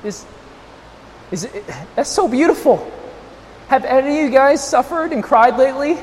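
A pastor delivers a sermon in a high voice at a moderate pace, swinging between loud, near-shouted emphasis and softer, tender passages as he strains to carry without a monitor. His voice rings through a reverberant hall over faint background noise.

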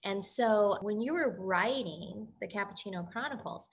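A woman's voice: mid-range voice, normal speed, slight background noise. A woman host asking interview questions in an admiring, encouraging way.

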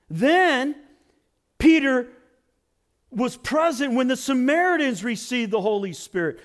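Man, pastor, high-pitched voice, lively sermon, chatty storytelling. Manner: animated, conversational storytelling.

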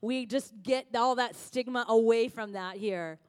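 A woman pastor preaching a sermon, telling stories with lively swings from hushed lines to loud ones. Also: fairly high pitch, measured pace, clear, resonant tone.

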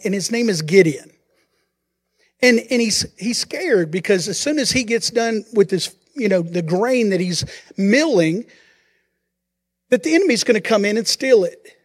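Man, pastor, sermon, high-pitched, lively storytelling. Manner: animated storytelling, acts out quotes with voices.

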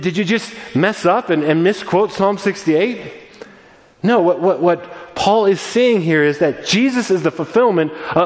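Pastor, male, higher-pitched voice, preaching earnestly to a congregation; long room reverb. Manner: earnest, animated preaching with frequent restarts. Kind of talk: sermon.

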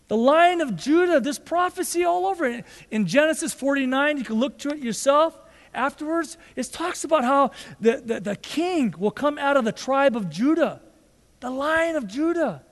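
A man's voice: extremely high pitch, animated, moderate pace. A male pastor preaching a sermon, emphatic and fond of repeated rhetorical questions. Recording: long hall reverb.

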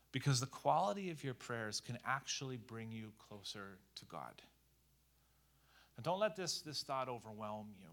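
A man preaching a conversational sermon in a lively, animated way, full of casual fillers. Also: medium pitch. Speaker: pastor.

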